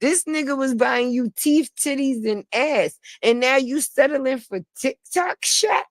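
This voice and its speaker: A woman with a somewhat high voice, talking bluntly and sassily through a livestream commentary, swearing freely and laughing a lot. The sound is close and dry, with no room echo. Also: animated, a little slow. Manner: blunt, sassy and profane, with frequent laughter. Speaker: online commentator. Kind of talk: casual gossip commentary on a livestream.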